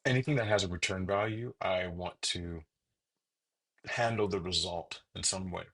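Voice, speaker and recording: A man with a very low voice and a bright, sharp edge talks casually through his programming, half to himself. He drops the odd curse and has the hiccups. Keyboard clicks sit faintly behind him. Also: normal speed. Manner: muttering to himself, swears freely. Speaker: programmer streaming his coding. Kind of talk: casual coding commentary.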